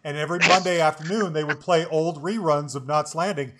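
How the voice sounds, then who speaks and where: A man's voice: a little high, a little fast, heavy background noise. Chatty man in his forties hosting. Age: 40s. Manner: chatty and rambling, laughs easily. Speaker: podcast host. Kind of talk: casual chat.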